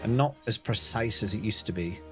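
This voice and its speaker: A man's voice: fairly low pitch, a little fast, over music. A man streaming a video game, chatting casually, reading out and answering chat with playful asides. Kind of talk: casual live-stream chat while gaming.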